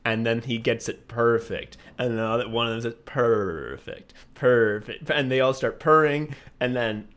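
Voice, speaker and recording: Excitable laughing man recapping a comedy. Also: medium pitch, moderate pace, hardly any pauses, clean tone. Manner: laughs often while retelling scenes; swears casually, excitable. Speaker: podcast co-host. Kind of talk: casual comedy podcast chat.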